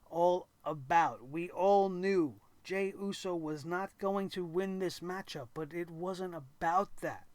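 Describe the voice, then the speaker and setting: A man hosting a wrestling show, reacting with excitement and acting out the wrestlers' lines. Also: high-pitched, no echo. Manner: animated, acts out wrestlers' lines and shouts.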